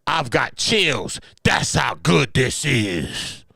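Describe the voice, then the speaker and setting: A man doing a mocking impression of a lisping, boastful older man who stretches his words out slowly. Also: medium pitch, very animated, creaky, pushed and bright, no echo, studio quality, heavily acted. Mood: gloating. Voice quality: lisp.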